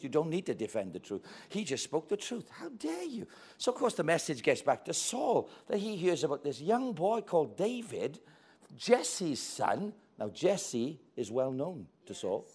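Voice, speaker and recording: A man's voice: fairly high pitch, a little slow, husky. A man preaching a sermon, telling a story with great animation and acting out its characters' voices. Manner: animated storytelling, acting out voices with big swings from quiet to loud.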